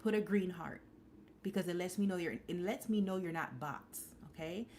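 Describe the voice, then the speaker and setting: Candid woman in her forties, low-pitched. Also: moderate pace, darkish tone, a little hiss or hum. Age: 40s. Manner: candid, rambling, many restarts and fillers. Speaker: livestream host. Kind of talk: casual live-stream chat.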